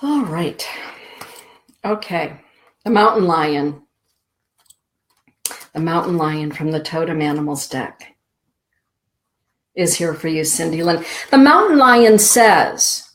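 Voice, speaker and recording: A middle-aged woman hosting a spiritual show, giving card readings to listeners in a soft, slow, drawn-out inspirational way. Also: sits low, big pitch swings. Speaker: show host and card reader.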